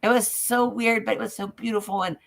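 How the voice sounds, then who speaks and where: A woman telling a personal dream story in a casual chat, halting and emotional, dropping softer at times. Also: on the high side, steady tone, vocal fry.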